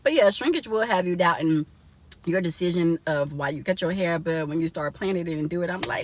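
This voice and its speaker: A woman's voice: on the low side, normal speed. A young woman vlogging casually from inside a car, chatty and laughing often as she talks to her viewers.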